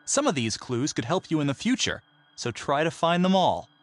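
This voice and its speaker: A man's voice: a little high, very animated, normal speed, slight background noise. A man reading instructional voice-over for a video game tutorial. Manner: clear, instructive.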